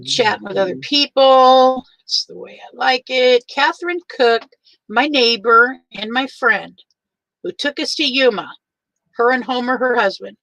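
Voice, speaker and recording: Older woman, livestream host, teary, warm and chatty, bright higher voice. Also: creaky, no echo, rough recording. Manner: warm, chatty, greets each viewer by name. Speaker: livestream host greeting viewers. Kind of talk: casual livestream chat.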